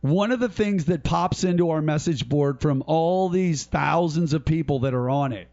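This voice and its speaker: Man, podcast host, high voice, ranting and mocking, dull lo-fi sound. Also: normal speed. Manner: ranting, mocking, animated storytelling. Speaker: podcast host, political commentator. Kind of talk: casual political commentary.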